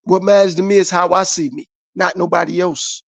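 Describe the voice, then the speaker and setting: A man's voice: high-pitched, steady tone, brisk, gravelly, no echo. A man hosting his own podcast, giving a repetitive motivational monologue straight to his viewers. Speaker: podcast host.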